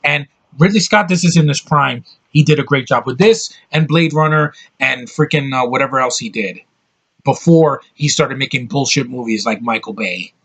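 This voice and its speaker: A man's voice: medium pitch, normal speed, breathy edge. A man reviewing a movie in a heated, profane rant, blunt and scornful throughout.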